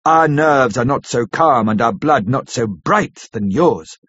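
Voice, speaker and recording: A man playing a grave old professor, husky and solemn. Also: medium pitch, expressive, a bit bright, dry recording. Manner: solemn, halting, formal old-fashioned phrasing. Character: grave older male professor, kindly and commanding. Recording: dull lo-fi recording.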